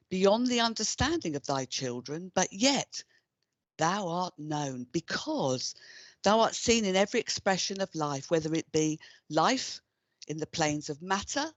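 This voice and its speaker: British woman, solemn reading, slow and measured, dry dull stream audio. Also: on the low side, expressive, dry recording. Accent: British English. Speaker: medium giving a reading.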